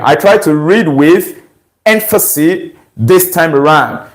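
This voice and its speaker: A man working through an English exam question as a teacher. His voice sits fairly high and he speaks slowly, in deliberate steps, often stopping to check that listeners follow. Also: poor audio. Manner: slow, deliberate, asks rhetorical checks.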